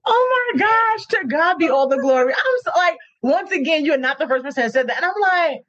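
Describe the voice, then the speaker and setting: A woman's voice: high-pitched, expressive, a little fast, fairly bright tone. A woman hosting a podcast interview, effusive and gushing in casual chat. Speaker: podcast host. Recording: muffled lo-fi audio.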